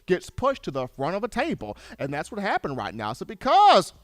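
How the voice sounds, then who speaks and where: A man hosting a sports show, giving opinionated commentary in an emphatic, animated way, now and then acting out other people's voices. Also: high voice, moderate pace, no room sound. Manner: animated, emphatic, acts out voices of fans and relatives.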